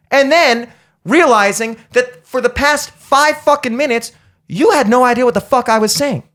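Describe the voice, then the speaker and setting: High-voiced man ranting and swearing. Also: animated, normal speed, fairly bright tone. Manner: heated, swearing, acts out both sides of the story. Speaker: podcast host. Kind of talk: profane comedic rant.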